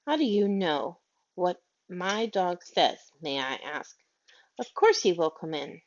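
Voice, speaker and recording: A woman's voice: very animated, slow pace, full character voice. A woman voicing a fussy, tearful, haughty older lady who frets shrilly over her dog, in a storybook reading. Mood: indignant. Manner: fretful and shrill, prone to wailing. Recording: dull lo-fi audio.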